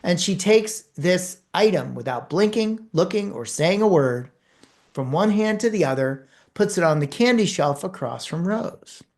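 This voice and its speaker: A woman who works as a speaker and communication trainer, giving a course lecture in an animated storytelling manner with emphatic pauses. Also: lowish voice.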